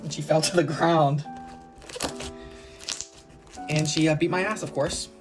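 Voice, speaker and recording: A man casually telling a comic story from his childhood, animated, swinging between loud and soft and drawling his punchlines. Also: a little high, unhurried, music in the background. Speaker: storytime narrator.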